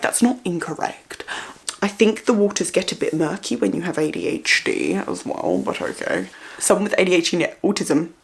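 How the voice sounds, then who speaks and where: A young woman vlogging, talking loudly at one volume, repeating words for stress and putting emphasis in unexpected places. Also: lowish voice, creaky. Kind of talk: casual explanatory vlog.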